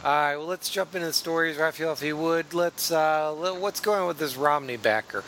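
A man's voice: fairly high pitch, brisk, a bit bright, slight background noise. A man hosting a casual comedy podcast, joking and self-mocking, with a put-on radio-announcer delivery. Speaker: podcast host.

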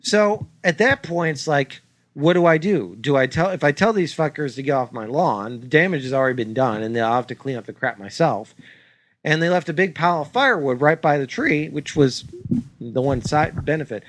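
A man co-hosting a comedy podcast, telling a story in an exasperated, swearing, animated way. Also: fairly high pitch, normal speed, no room sound. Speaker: podcast co-host. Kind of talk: casual chat, ranting story.

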